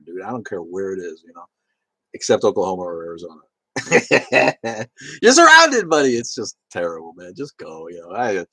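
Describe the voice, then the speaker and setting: Husky-voiced, foul-mouthed male streamer. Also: sits low, no room sound. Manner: rambling, swears a lot, laughs often. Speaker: livestream host reading chat comments. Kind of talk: casual profane livestream chat.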